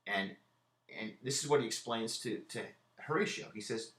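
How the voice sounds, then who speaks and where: Deep-voiced man lecturing casually. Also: big pitch swings, a little fast, fairly bright tone, roomy sound. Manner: casual, conversational, repeats words, paraphrases lines in modern slang. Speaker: literature lecturer. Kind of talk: classroom lecture. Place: lecture room.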